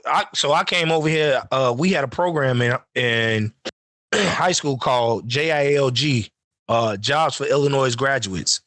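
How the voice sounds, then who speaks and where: A man, co-hosting a casual podcast and telling profane, animated stories. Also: on the high side, no room sound, studio quality. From Chicago. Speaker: podcast host. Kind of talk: casual chat.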